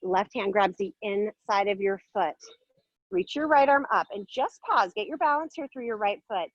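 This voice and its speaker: A woman's voice: medium pitch, expressive, moderate pace, dry recording, muffled recording. Playful, upbeat woman yoga teacher. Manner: upbeat, playful, encouraging cues. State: a little out of breath. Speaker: yoga instructor. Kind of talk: guided yoga class instruction.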